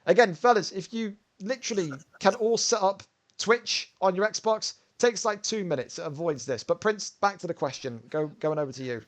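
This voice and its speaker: A man with a slightly high voice calls an online fight, loose and chatty. He banters with his co-commentator and wanders between play-by-play and side remarks. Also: normal speed. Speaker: commentator and host. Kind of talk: video game fight commentary.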